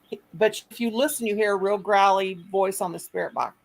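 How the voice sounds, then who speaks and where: A middle-aged woman hosting a livestream, talking in an excitable, chatty, rambling way. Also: mid-range voice, brisk, creaky, low-quality recording. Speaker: livestream host. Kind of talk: casual livestream chat. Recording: faint background noise.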